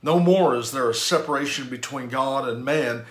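A man's voice: medium pitch, normal speed, reverberant. A pastor giving an emphatic sermon, repeating phrases and restarting lines as he preaches.

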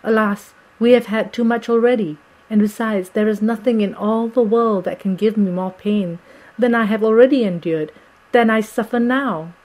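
A woman reading the lines of a brave, sorrowful young wife in an audiobook, speaking quietly and with resolve. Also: a little high, normal speed, lightly acted, low-quality recording. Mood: resolute.

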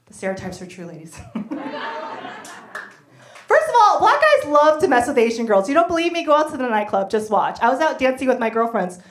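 A woman performs a stand-up set, lively and quick to slip into the voices of people in her stories. Her voice sits high. The sound carries the echo of a live room. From United States. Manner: animated, acts out voices in quoted bits. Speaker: stand-up comedian. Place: comedy venue stage.

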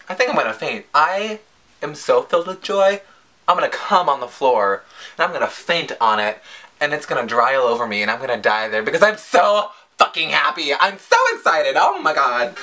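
Gushing, profane young man reacting to music. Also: fairly high pitch. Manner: gushing, profane, squealing with excitement. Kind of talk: over-the-top reaction vlog.

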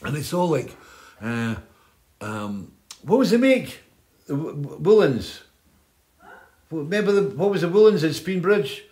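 A man's voice: on the high side, very animated, unhurried, long pauses, darkish tone. An older man, hosting and telling stories in a rambling, chatty way, often tagging on "right?". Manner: chatty, keeps adding "right?". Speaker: host. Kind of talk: rambling storytelling chat.

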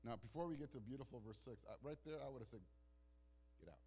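A male pastor delivering a sermon in a church, swinging between loud declarations and hushed, slow passages, often repeating words as he restarts phrases. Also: mid-range voice, slightly rough. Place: church sanctuary.

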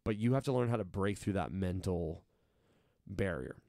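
A man's voice: low-pitched, moderate pace, dry recording, clean studio sound. A man coaching fighters, telling long casual stories and acting out what he and others said. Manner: animated, acts out quotes of himself and others. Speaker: combat sports coach. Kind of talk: casual storytelling in an interview.

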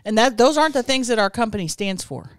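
Smug deadpan male exec, played by a woman in a comedy bit, mock-stern, dry close voice. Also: on the high side, fast, dry recording, lightly acted. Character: smug male boss posing as a customer. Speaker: podcast co-host. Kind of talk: improvised comedy sketch.

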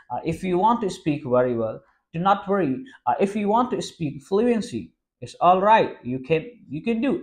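High-voiced Pakistani man teaching English. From Pakistan, Sindh. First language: Sindhi. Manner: reassuring, repetitive, frequent restarts. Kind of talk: informal spoken English lesson.

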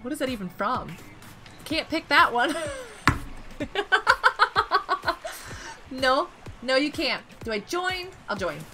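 A woman streaming a game, chatting casually and excitably, greeting and thanking her viewers. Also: high-pitched, takes it slowly, long pauses, music in the background. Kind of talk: casual live-stream chat while gaming.

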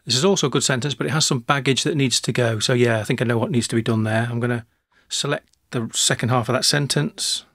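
A man narrating a screencast software tutorial, talking through each step in a relaxed way with small restarts. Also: medium pitch, brisk, few pauses, dry recording, studio quality.

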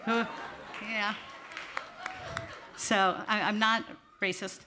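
Drawing out her words in a mid-range, fairly even voice, this woman performs a stand-up set for a live audience in a small theater, with crowd and background noise around her. Into her handheld stage mic she's chatty, slightly nervous, and self-mocking.

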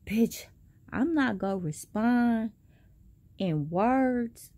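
Young woman, casual storytime vlog, mellow voice, swearing a lot, animated swings in pitch. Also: dry recording. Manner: animated, profane storytelling with big pitch jumps. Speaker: vlogger.

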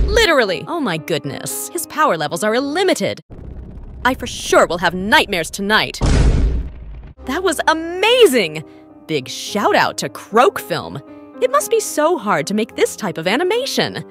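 A woman hosting a reaction video, giving excited commentary full of dramatic gasps and exclamations. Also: measured pace, faint music behind. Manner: dramatic gasping exclamations, swooping from squeals to low murmurs.

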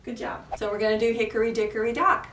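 A woman with a New England accent leading a preschool storytime at a library, animated and sing-song, with high squeals on reveals. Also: quick pace, slight background noise. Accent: New England American. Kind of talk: preschool storytime with rhymes and songs. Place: library room. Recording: echoey room, mic at a distance.

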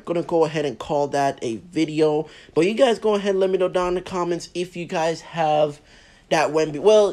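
A man giving casual, excitable commentary over his own mobile basketball game and talking straight to his viewers. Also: fairly high pitch. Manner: excitable, talks to viewers, says man and bro a lot. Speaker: mobile game channel host.

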